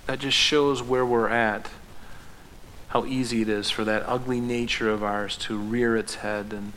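Seorang pendeta pria berkhotbah dengan gaya santai seperti mengobrol. Ia sering mengulang kata dan melontarkan pertanyaan retoris yang tegas. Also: male voice, mid-range voice, level tone, measured pace, fairly bright tone, slight background noise. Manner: conversational preaching with emphatic rhetorical questions; restarts and fillers, rising to fervent prayer. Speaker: pastor. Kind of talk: sermon.

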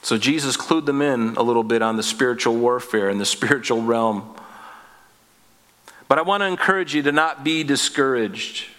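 A man's voice: mid-range voice, normal speed, fairly bright tone, in a large hall. A man teaching a Bible sermon in a conversational way, with joking asides and questions to his listeners. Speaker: pastor.

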